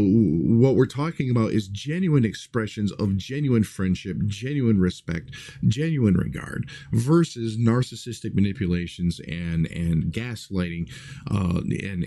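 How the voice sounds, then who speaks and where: A man's voice: lowish voice, vocal fry, dark tone. A man talking casually to his livestream viewers, earnest and rambling, with many fillers and restarts. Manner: earnest, reflective.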